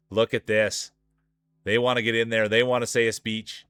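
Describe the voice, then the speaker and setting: A man's voice: on the low side, flat delivery, normal speed, a bit bright, clear, resonant tone, no room sound, studio quality. A man from Saskatchewan with a thick Saskatchewan Canadian accent, giving playful, hype-man commentary on a live-streamed marble race.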